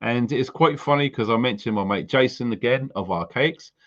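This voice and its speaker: A UK man hosting a prepping live stream rants bluntly and heartfeltly, swearing as he lays out his beliefs. He has a medium-pitched, slightly bright voice at normal speed, and the sound is lo-fi.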